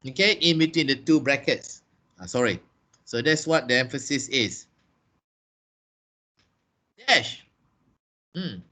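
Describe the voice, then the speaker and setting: A man's voice: medium pitch, lively intonation, slow pace, long pauses, pushed and bright. A man teaching a class, explaining and repeating key points in a training room. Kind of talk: classroom lesson.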